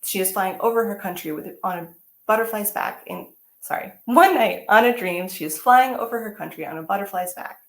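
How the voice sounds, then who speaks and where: Animated woman reading aloud to children. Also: medium pitch, fairly quick, roomy sound. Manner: animated, exclamatory, asks the children questions. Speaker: teaching artist.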